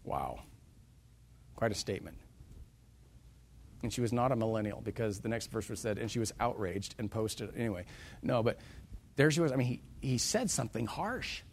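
A man preaching a sermon. He reads scripture in old-style wording, then retells it in plain, casual words with dramatic swings between loud and soft. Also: mid-range voice, expressive, moderate pace, gravelly, pauses often, a little hiss or hum.

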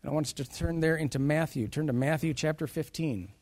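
A man preaches a sermon with a slightly high voice and a brisk pace. He reads scripture in archaic phrasing, then retells it in plain, casual language, swinging dramatically between loud and soft.

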